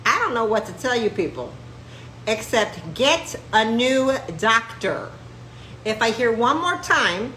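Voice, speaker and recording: Brash female chiropractor host on a live stream, high lively voice, sarcastic rant, roomy echo with faint noise. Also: slow pace.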